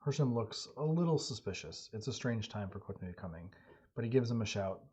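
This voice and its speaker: A man running and narrating a solo tabletop game on stream, telling the story in a relaxed, halting way. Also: fairly low pitch, husky. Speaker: game master and solo player. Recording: dull lo-fi audio.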